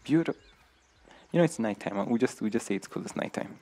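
This gamer streamer is a young man who talks fast, with a medium pitch, lively intonation and a dark tone. In his let's play commentary he sounds nervous and jumpy, talking to himself amid frequent gasps and laughter.

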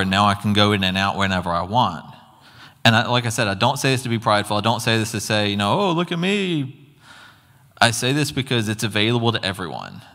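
Guy preaching in a church, lowish voice, chatty and earnest, big echoey hall. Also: fairly bright tone. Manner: earnest, conversational testimony with casual asides. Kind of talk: sermon. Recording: long hall reverb.

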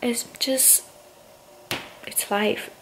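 A young woman, a stay-at-home mom vlogging, speaking haltingly and on the verge of tears in an emotional confessional. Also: a bit bright, a little hiss or hum, rough recording. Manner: tearful, halting, many fillers.

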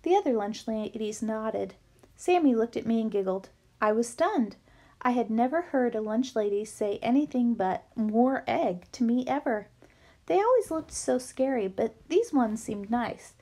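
A woman reading a children's novel aloud with lively storytelling. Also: a little high, moderate pace. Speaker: book reader.

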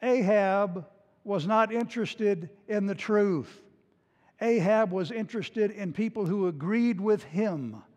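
A male pastor preaches a sermon with a high voice. He retells a scripture story with a storyteller's flair and sometimes acts out its scenes. His words ring out with a long reverb, as in a church sanctuary. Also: takes it slowly, darkish tone.

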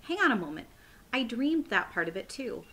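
A woman reading aloud, voicing a composed, regal older queen who asks measured, polite questions. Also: fairly high pitch, big pitch swings, pushed and bright, slight background noise, voice pushed up. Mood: puzzled, wondering.

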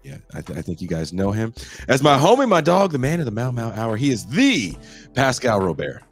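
A man's voice: mid-range voice, very animated, fairly quick, soft background music. A man hosting a podcast over a video call, joking and teasing in casual chat, sounding a bit congested. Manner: playful, teasing, laughs often. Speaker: podcast host.

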